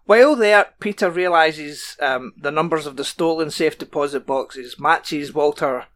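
A man's voice: fairly high pitch, unhurried, fairly bright tone. A man co-hosting a podcast, recapping a TV episode in casual chat with dry joking asides. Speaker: podcast co-host.

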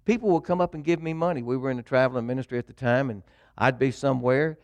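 A middle-aged preacher, a man chatting through a personal testimony in an easygoing, folksy way. His voice sits at an ordinary pitch for a man and sounds dry and close, with no room around it. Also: fast talker, a little mellow, dry recording. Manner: folksy storytelling, addresses congregation. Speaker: pastor. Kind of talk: sermon testimony.

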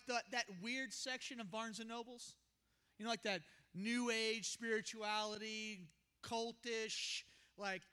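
A young man preaching a sermon as pastor, telling a story with animated, acted-out quotes. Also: very high-pitched, clear, resonant tone. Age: young adult.

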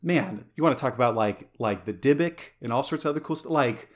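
A podcast host with an animated mid-range voice talks a little fast in a casual chat. He's keen and wandering, peppering his speech with fillers and restarts.

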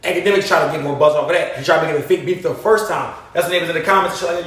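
Fast, high-voiced man arguing in an echoey room. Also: far from the mic. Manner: animated, argumentative, cuts in often. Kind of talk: heated casual debate.

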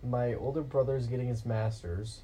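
A young man co-hosting a casual chat, dropping dry, deadpan quips. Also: mid-range voice, normal speed, husky, poor audio. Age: young adult. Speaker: podcast co-host.

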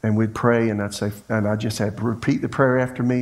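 A middle-aged man preaching in a folksy, storytelling way, voicing little bits of dialogue as he goes. His pitch sits in an ordinary middle range for a man. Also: fairly even intonation, fast talker, creaky, a little mellow. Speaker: pastor. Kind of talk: sermon.

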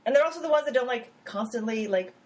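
A woman talking casually in an interview, with a lively, swooping pitch. She is animated, laughs often and acts out little quotes, with plenty of fillers and restarts. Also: fast, poor audio. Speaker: app founder.

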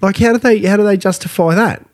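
A man's voice: high voice, fast. A man from Queensland with an Australian accent, co-hosting a casual podcast chat, blunt and sweary, laughing often. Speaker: podcast co-host.

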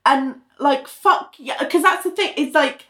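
A woman's voice: high voice, a little slow, bright, forceful tone, reverberant. A woman co-hosting a casual recap chat, swearing freely and acting out quotes with animation. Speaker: podcast co-host.

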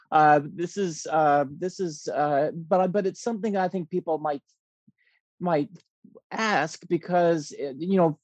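A man's voice: fairly high pitch, darkish tone, no room sound. A man hosting an interview, asking long, rambling questions in a folksy way with frequent restarts. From United States. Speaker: host.

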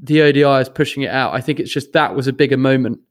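A man's voice: mid-range voice, fast. A young man co-hosting a podcast, stammering and repeating words in casual chat. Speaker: podcast co-host.

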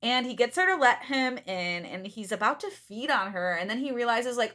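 A young woman chatting casually about a book with a high, sparkling voice. Her pitch bounces around freely as she jokes with her co-host, and she laughs easily. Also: normal speed, few pauses. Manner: joking, animated, laughs often. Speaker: podcast co-host. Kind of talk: casual book-recap chat.

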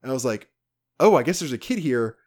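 A man co-hosting a casual podcast, telling a rambling, animated story about a video game with many restarts. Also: medium pitch, fast talker. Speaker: podcast co-host.

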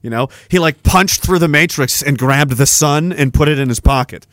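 A man's voice: on the high side, moderate pace, a bit bright, no room sound, studio quality. A man hosting a live stream, chatting casually in a rambling, profane way and laughing often. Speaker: podcast host. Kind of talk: casual livestream chat.

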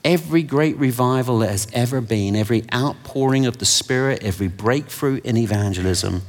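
A man delivers a sermon with animated storytelling and wry asides about himself. His voice sits at a middle pitch for a man. It carries with a long reverb from a large hall. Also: a little fast, hardly any pauses. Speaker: preacher. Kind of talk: sermon with anecdotes.

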